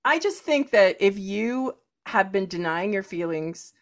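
A woman's voice: medium pitch, animated, measured pace. A woman co-hosting a podcast in casual chat, acting out scenes with playful quoted voices and sound effects. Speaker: podcast co-host.

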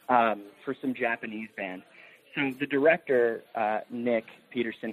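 A man's voice: mid-range voice, fairly bright tone. A man, a film producer guest on a podcast, telling a story with enthusiasm and laughter in casual chat. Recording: tinny phone-like line.

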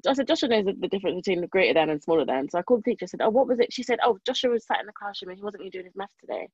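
A woman's voice: medium pitch, very fast, slightly rough, no room sound, muffled recording. A young woman, a podcast co-host chatting casually and emphatically, acting out what other people said. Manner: animated, emphatic, acts out quoted people. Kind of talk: casual chat.

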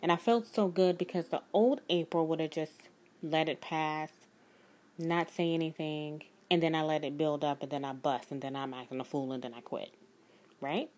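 A woman's voice: low-pitched, fairly even intonation, moderate pace, darkish tone. Earnest woman. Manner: earnest, emphatic, speaks of God. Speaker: spiritual life coach. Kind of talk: personal storytelling to viewers.

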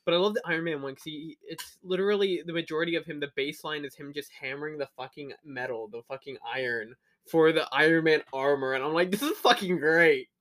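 A man's voice: a little high, steady tone, quick pace, hardly any pauses, a bit bright. A young man co-hosting a podcast, chatting casually with slang and swearing, laughing at his own stories. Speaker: podcast co-host. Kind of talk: casual chat.

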